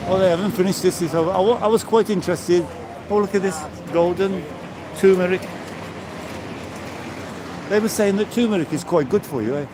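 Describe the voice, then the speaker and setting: A man's voice: high-pitched, noisy background. A man in his sixties from England, live-streaming as he walks along a seaside promenade, chatting and greeting his viewers by name. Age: 60s. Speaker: vlogger live-streaming a walk. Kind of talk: casual chat to live viewers. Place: outdoors on a seaside promenade, walking.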